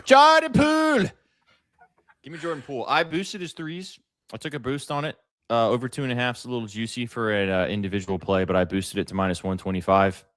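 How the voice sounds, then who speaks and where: A man hosting a sports betting show, pitching his picks casually and addressing chat directly. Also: fast, fairly bright tone. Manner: hyped, talks to chat directly.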